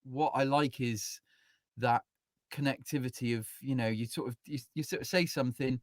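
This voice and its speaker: Casting note: chatty male musician-teacher, mid pitch, rambling and self-interrupting, dry close sound. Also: moderate pace, no echo. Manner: rambling, full of "you know", acts out quotes. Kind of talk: casual interview chat.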